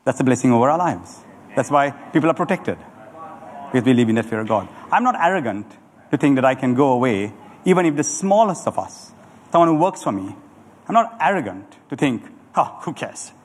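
A middle-aged man preaching a sermon as a pastor, animated and calling on the congregation to answer back. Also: mid-range voice, brisk, slightly rough. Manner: animated preaching with audience call-and-response. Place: church hall. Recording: church hall with long reverb.

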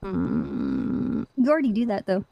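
A woman's voice: mid-range voice, wildly swooping pitch, a little slow, gravelly, dark tone, husky, no echo, highs cut off. A woman chatting playfully during casual roleplay banter.

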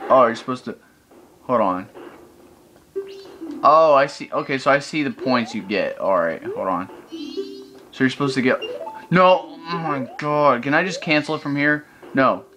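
A man's voice: medium pitch, lively intonation, moderate pace, long pauses. A man giving gameplay commentary, ranting in frustration and swearing often. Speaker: let's play host. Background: video game music.

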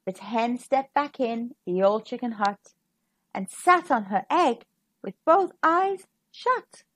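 Lively high-voiced woman reading to kids. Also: takes it slowly, slightly rough. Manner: sing-song rhythmic rhyming. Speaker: storybook reader. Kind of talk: children's storybook read-aloud.

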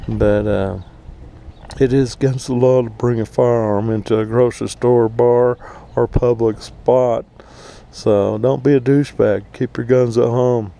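Profane ranting man, gravelly and slow. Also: mid-range voice, fairly even intonation, mellow, a little hiss or hum. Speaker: vlogger. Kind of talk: casual ranting vlog. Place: outdoors at an RV park.

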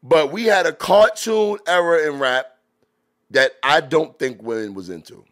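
A man hosting a podcast, reacting to old rap videos in loose, animated talk full of drawn-out exclamations. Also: fairly high pitch. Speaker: podcast host. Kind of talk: casual commentary reacting to music videos.

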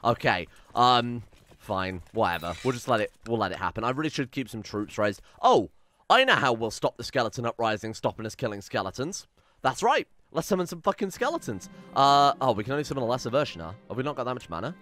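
A man's voice: medium pitch, sing-song, fast, fairly bright tone. A man giving rambling, swearing let's-play commentary on a strategy game and reading out its event text with drama. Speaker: gaming channel host.

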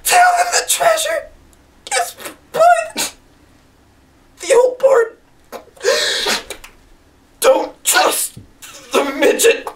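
Dying dad, high sobbing cries, strained, distant mic, music underneath. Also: male voice, sing-song, very slow, pauses often, roomy sound, slight background noise, exaggerated voice. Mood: desperate. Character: dying father whispering last secrets.

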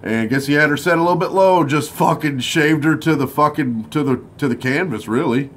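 A man rambling through a casual vlog, swearing constantly and breaking into loud outbursts. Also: a little high, brisk. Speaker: vlogger at a vape shop. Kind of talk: casual profane vlog chat.

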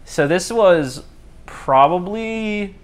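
A man's voice: high voice, expressive, very slow. A young man hosting a solo podcast in a casual, rambling way, cracking jokes at his own expense and often restarting sentences. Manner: rambling, jokey, self-mocking, frequent restarts. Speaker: podcast host.

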